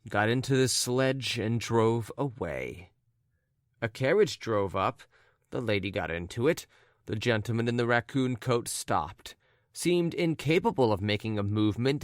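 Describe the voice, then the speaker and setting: A man narrating a classic story in a measured, even storytelling manner. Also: medium pitch, smooth, no echo, studio quality. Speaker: audiobook narrator. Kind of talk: scripted narration.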